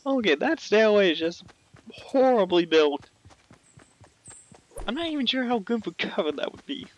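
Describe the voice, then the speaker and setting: A man's voice: high-pitched, big pitch swings, normal speed, muffled recording, a little hiss or hum. A man casually commentating a video game, playful and teasing, laughing often. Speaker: gameplay commentator.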